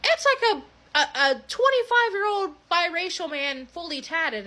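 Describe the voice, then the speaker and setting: A young adult woman telling a creepy story in a casual, animated way, swearing freely and restarting her sentences often. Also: extremely high pitch, moderate pace.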